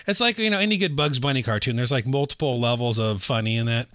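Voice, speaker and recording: A man's voice: mid-range voice, fast, fairly bright tone, a little hiss or hum. A man in casual conversation about a movie, rambling with many fillers and restarts.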